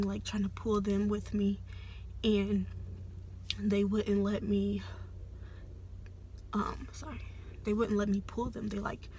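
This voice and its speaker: A young adult woman telling a personal story in a soft, hesitant, often half-whispered way, with many fillers. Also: medium pitch, a little hiss or hum. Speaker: vlogger.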